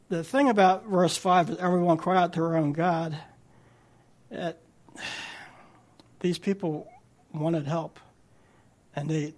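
Guy preaching a sermon, chatty and restarting a lot, gravelly fry in his voice. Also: on the high side. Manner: conversational preaching with frequent restarts. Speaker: guest preacher.

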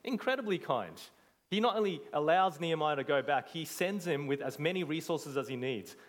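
A man's voice: on the high side, lively intonation, brisk, big-room sound. A man preaching a sermon with earnest emphasis, asking his listeners rhetorical questions.

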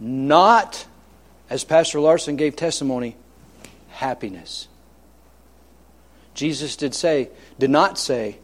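Man preaching, kinda high voice, hammers points over and over, jokey stories. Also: takes it slowly, pauses often. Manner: emphatic, repetitive, with homely humor. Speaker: pastor. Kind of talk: sermon.

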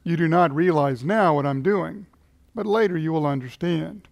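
A calm, compassionate teacher, as a preacher reads him aloud who speaks gravely and unhurriedly. His voice is a little higher than most men's and slows on his solemn warnings. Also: dry recording.

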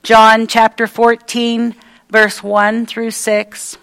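A woman's voice: medium pitch, takes it slowly, long pauses, poor audio. A woman preaching a sermon, emphatic and repetitive, with folksy everyday asides.

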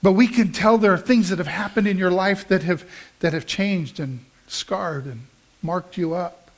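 Male pastor, middle-aged, high voice, conversational storytelling sermon. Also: moderate pace. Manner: storytelling, conversational with emphatic rises.

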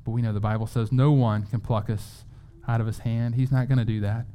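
A man preaching a sermon in an earnest, conversational way, often restarting his words and slowing down to read scripture aloud. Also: mid-range voice, steady tone, mellow, smooth. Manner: reads scripture aloud slowly. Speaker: pastor.

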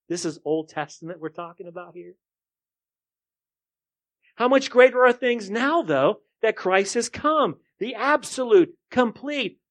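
A male pastor with a somewhat high-pitched voice delivers a sermon. He sinks to near murmurs, then climbs into loud, rising rhetorical questions. He keeps turning to the congregation and asking them to answer. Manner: addresses the congregation directly, asking for responses.

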